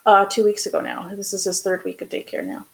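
A woman's voice: mid-range voice, very animated, quick pace, creaky, poor audio. A young woman co-hosting a podcast, talking in a rambling casual way with lots of fillers. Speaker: podcast co-host. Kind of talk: casual chat.

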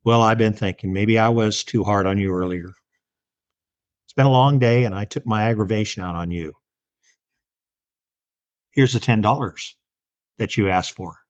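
A man's voice: lowish voice, moderate pace, long pauses, dull audio, natural voice. A man voicing a tired, irritable working father who scolds his young son. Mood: apologetic. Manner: stern, scolding.

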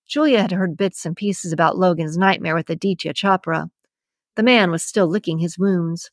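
A woman's voice: lowish voice, moderate pace, no echo. Woman narrating an audiobook, dry close sound. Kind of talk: scripted narration.

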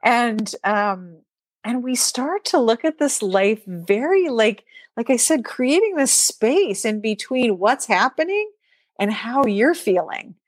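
A woman speaks as an interview guest in a fairly high voice. She chats animatedly and slips into quoted inner thoughts, with a light laugh here and there. The sound is close and dry, with no room around it. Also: takes it slowly, dry recording. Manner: animated, acts out her own inner voice in quotes; laughs lightly mid-sentence. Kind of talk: casual interview chat.

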